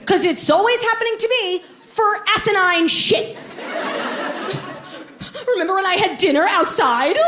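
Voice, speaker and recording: A woman's voice: very high voice, expressive, takes it slowly, pauses often, background noise. A young woman doing a stand-up comedy set on a theatre stage, brash and self-absorbed, with dry sarcasm. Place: theatre stage before a live audience. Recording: live theatre recording with crowd laughter. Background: audience laughter.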